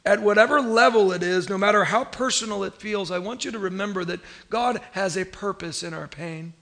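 A man's voice: sits high, brisk, a bit bright. A man from Northern California, preaching a conversational, emphatic sermon as a pastor and prompting the congregation to answer back.

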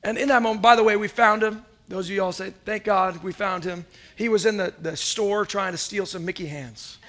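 A man in his thirties preaching a sermon, telling a family story with animated swings between loud and soft and calling on the congregation to repeat phrases. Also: high voice, fairly quick. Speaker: pastor.

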